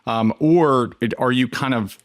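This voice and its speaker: A man's voice: mid-range voice, measured pace, dry recording, clean studio sound. A man hosting a podcast interview, feeling his way through long questions with repeated words and fillers. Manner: hesitant, repeats words while forming questions. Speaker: podcast host.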